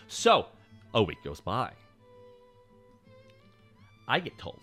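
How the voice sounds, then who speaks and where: A man's voice: a little high, wildly swooping pitch, a little fast, pauses often, pushed and bright, soft background music. A young man, telling a story casually on stream in a profane, rambling way.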